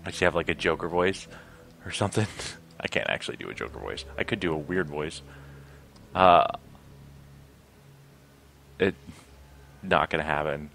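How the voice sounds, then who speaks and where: A man's voice: deep voice, animated, moderate pace, creaky, long pauses, sharp tone. A man playing a computer game, commenting casually with self-mocking jokes. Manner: joking asides, self-mocking. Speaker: let's play gamer.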